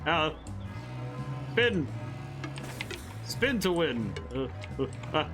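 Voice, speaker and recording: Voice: mid-range voice, sing-song, very slow. A game streamer from the northern United States giving casual, bemused let's-play commentary, giggling and talking back to the characters. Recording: game music playing clearly underneath.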